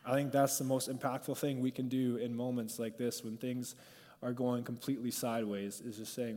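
Guy pastor preaching super casual, lots of "like", mid pitch, church hall echo trailing after him. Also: level tone, moderate pace, warm tone. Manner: conversational, peppered with "like", going off script. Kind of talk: informal sermon and prayer. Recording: long hall reverb.

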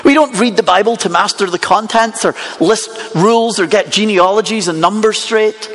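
A man delivers a sermon in a fairly high voice, talking to the listeners as if in conversation. He keeps asking them rhetorical questions as he goes. His words ring out with the long reverb of a large hall. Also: moderate pace, a bit bright. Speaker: preacher.

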